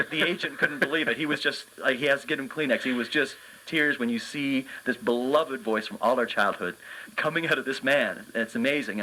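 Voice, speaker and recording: A man's voice: medium pitch, bright, forceful tone, low-quality recording. A man who works as a children's entertainer and magician, speaking earnestly and enthusiastically as a guest in a radio interview, with many fillers and restarts.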